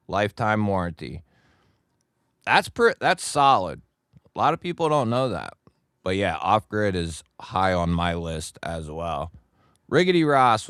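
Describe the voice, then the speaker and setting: Casting note: unhurried man with a deep, smooth voice, a chummy livestream host, dry close sound. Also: a bit bright, no echo. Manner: greets chat viewers by nickname, laid-back and chummy. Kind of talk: casual live chat with viewers.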